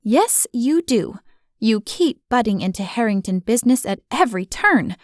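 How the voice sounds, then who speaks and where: A woman voicing a hostile, bossy young woman in an audiobook, speaking in sharp, commanding and mocking tones. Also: a little high, sing-song, normal speed, no echo, clean studio sound.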